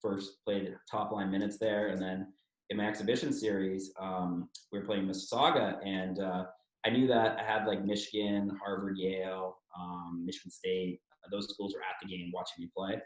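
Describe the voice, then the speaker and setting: As an interview guest, a former hockey player in his thirties from Toronto tells his story openly, cursing freely and mimicking what others said. His voice sits low with little pitch movement at a moderate pace, captured in an echoey room.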